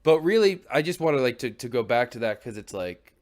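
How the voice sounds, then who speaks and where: A man's voice: medium pitch, sing-song, a little fast, darkish tone. Earnest rambling young man streaming. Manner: swears casually. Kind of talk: reflective solo stream chat.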